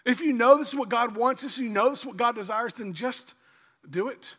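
A man's voice: extremely high pitch, brisk, a bit bright. A man preaching a sermon in a church, telling a folksy story. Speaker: pastor. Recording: long church-hall reverb.

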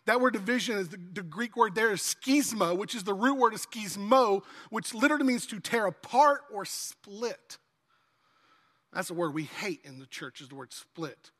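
A man with a notably high voice delivers a sermon, shifting between scripture reading and relaxed, conversational asides to the congregation. His voice rings out with a long hall reverb, as in a big church sanctuary. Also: normal speed. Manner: conversational preaching, acts out kids' pleading voices. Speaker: pastor.

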